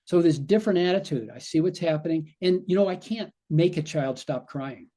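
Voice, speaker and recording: A man's voice: on the high side, expressive, brisk, dark tone. A male physician guest on a podcast, explaining in conversation and acting out the brain's inner voice in quoted asides.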